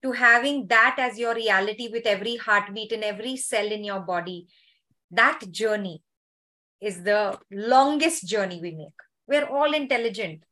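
A woman hosting a healing call, chatting and then guiding a gentle meditation in a soft, slow, soothing voice over a video call. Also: mid-range voice. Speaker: healer hosting a summit call. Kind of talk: guided meditation and conversation.

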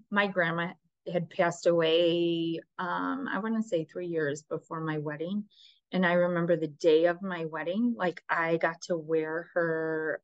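A woman recounts a personal story in a candid, chatty way, slipping into her own remembered thoughts as she goes. Her voice sits a little low. The recording is dry and slightly muffled. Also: dry recording. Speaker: vlogger telling a personal story. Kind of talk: casual storytelling.

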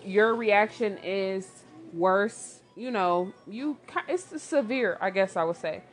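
A woman, giving blunt, animated relationship advice in casual commentary, talking straight to the listener. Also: mid-range voice.

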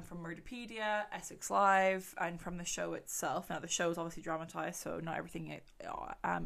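Chatty sweary woman with gravelly fry. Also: fairly low pitch, sharp tone. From England. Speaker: true crime podcast host. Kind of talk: casual chat.

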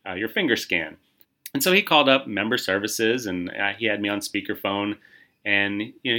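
A middle-aged man hosting a podcast, telling a funny workplace story in a loose, chatty way with lots of fillers and restarts, and jumping up in pitch when he acts out what others said. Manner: retells a story, acting out quoted voices with lively pitch jumps; frequent fillers and repeated starts. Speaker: podcast host. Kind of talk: casual storytelling.

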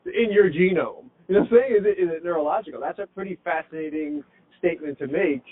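A man co-hosting a podcast, firing off animated questions and swearing casually. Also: a little high, quick pace. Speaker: podcast co-host. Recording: tinny phone-like sound.

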